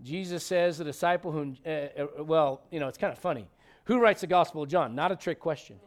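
Male pastor, high-pitched, conversational sermon delivery, quizzes the congregation, punches key lines. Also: fairly quick. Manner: conversational, emphatic, asks the congregation questions. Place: church sanctuary.

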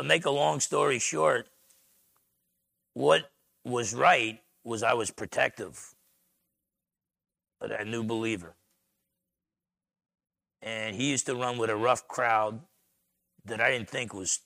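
A man with a New Jersey accent, a pastor preaching a sermon in an animated, storytelling way. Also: medium pitch, slow pace, creaky, long pauses, no echo.

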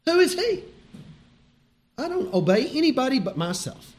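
A man voicing an arrogant, defiant ancient king in a sermon, with a loud and scornful delivery. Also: extremely high pitch, big pitch swings, normal speed, pitched above the performer's own voice.

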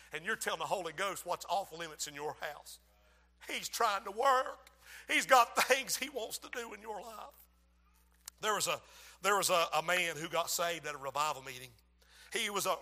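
A man preaching a sermon as pastor of a church, swinging between loud outbursts and hushed asides. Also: high voice, big-room sound.

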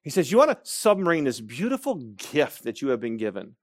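A man from Michigan preaching a sermon, telling stories and slowing down to stress key phrases. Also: medium pitch, very animated, no room sound, clean studio sound. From Michigan, USA. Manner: storytelling, emphatic with slow stressed phrases.

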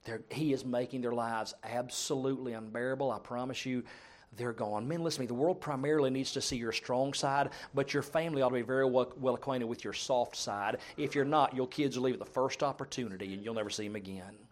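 A middle-aged man preaching a sermon, telling humorous stories and swinging between loud and soft. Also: medium pitch, brisk.

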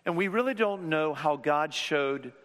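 A fairly high-voiced man delivers a sermon in a church, his voice ringing with long reverb through the hall. He swings from emphatic, raised passages down to near whispers. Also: lively intonation, unhurried. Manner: dynamic, swinging from loud to hushed whispers. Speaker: pastor.

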